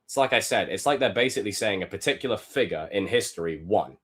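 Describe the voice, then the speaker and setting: A young man live-streaming, reacting to film clips with animated, profane commentary and sudden loud outbursts. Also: on the low side, fast, slightly rough.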